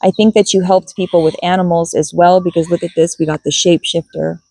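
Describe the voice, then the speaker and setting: Husky woman doing a spiritual card reading. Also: on the low side, steady tone, brisk, a little mellow, no echo, rough recording. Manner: musing, thinks aloud, repeats key words. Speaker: tarot and oracle card reader.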